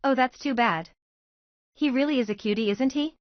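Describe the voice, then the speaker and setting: A woman's voice: mid-range voice, normal speed, no room sound, close to an everyday voice. Woman doing a teasing mother, knowing and fond, storybook reading, muffled recording. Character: teasing, doting mother of a teenage girl.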